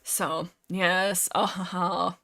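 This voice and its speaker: A young woman from Canada hosting a casual livestream chat about books, rambling and animated, reading chat aloud. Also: lowish voice, drawn-out words. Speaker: livestream host.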